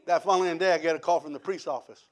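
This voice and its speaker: A man preaching a sermon, telling his testimony in an animated storytelling way and quoting other people. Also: fairly high pitch, rapid-fire. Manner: animated storytelling with quoted voices.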